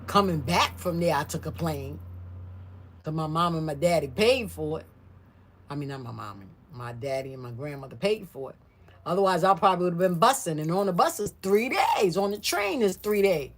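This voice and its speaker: Low-voiced woman telling a family story. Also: moderate pace. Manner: animated, mimics other people's voices. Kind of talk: casual storytime chat.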